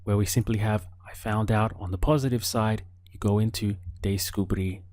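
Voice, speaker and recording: A man teaching an audio language lesson, prompting the listener patiently and pausing for answers. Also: fairly low pitch, steady tone, darkish tone, no echo. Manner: slow, patient prompting with pauses for the learner.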